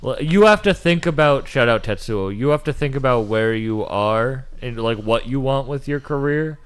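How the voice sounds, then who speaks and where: A man's voice: mid-range voice, expressive, moderate pace, clean tone. A man in his late twenties hosting a livestream, talking casually and bluntly, swearing freely as he encourages his guest. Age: late 20s. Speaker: livestream host. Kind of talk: casual conversation.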